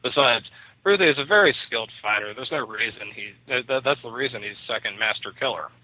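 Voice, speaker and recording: A man voicing a gruff, domineering middle-aged father who barks orders at his son. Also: mid-range voice, expressive, fairly quick, dry recording, lightly acted. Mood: angry. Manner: gruff, bossy. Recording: tinny dry phone line.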